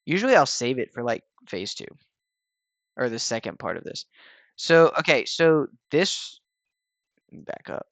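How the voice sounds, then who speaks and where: A man casually talking viewers through a video game raid fight in a relaxed, rambling way, with lots of fillers and restarts. He sounds a little tired. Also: medium pitch, normal speed, pauses often, dry recording. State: tired, yawning. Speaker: gaming channel host explaining a raid. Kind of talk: casual gameplay walkthrough voice-over.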